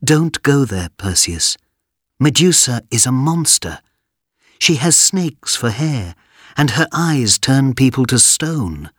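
A worried mother from an old myth pleads with her son in a raised, lifted voice, as a male reader puts her on. She speaks slowly and earnestly, her pitch pushed well above the reader's own. The sound is close and dry. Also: big pitch swings, fairly bright tone, husky, no echo, exaggerated voice. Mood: pleading. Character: anxious loving mother of a hero.

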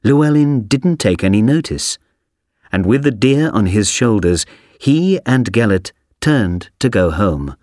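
A man reading a story aloud for a language textbook, slowly, clearly and expressively. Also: fairly low pitch, lively intonation, a little mellow, dry recording, clean studio sound. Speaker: audio reader for a textbook. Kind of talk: scripted storybook narration.

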